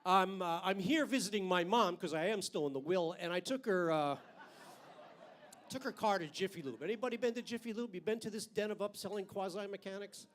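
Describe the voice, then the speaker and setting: An older man with a high-pitched voice and a brisk delivery works a club stage with a handheld mic. His stand-up routine is brash and profane, and he lands his punchlines hard.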